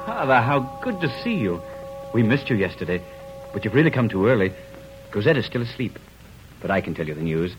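An actor playing an earnest young bridegroom in an old radio drama, often stammering. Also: male voice, fairly low pitch, sing-song, a little fast, music in the background. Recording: dull old radio recording.

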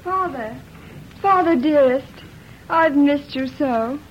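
A doting young bride in an old radio play, her voice very high and her words drawn out slowly. The recording is dull and muffled, with a faint hiss. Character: young bride, sweet and affectionate daughter.

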